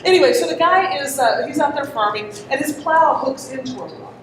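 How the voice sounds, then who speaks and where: A woman's voice: sits high, animated, fairly quick. Woman presenter, chatty and interactive, distant mic in a very echoey, noisy hall. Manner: chatty, asks the audience questions, laughs often. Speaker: conference presenter. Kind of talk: interactive storytelling talk to an audience.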